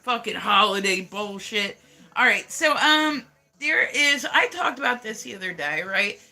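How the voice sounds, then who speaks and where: A high-voiced American streamer talks a little slowly but animatedly, with vocal fry and a sharp tone. His casual livestream chatter rambles, swears, and is packed with "like" in nearly every sentence.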